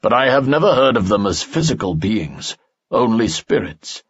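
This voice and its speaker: A man's voice: on the low side, big pitch swings, normal speed, slightly rough, no room sound. A man voicing an older male elf scholar in an audiobook, haughty and lecturing. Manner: condescending, lecturing. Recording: dull lo-fi audio.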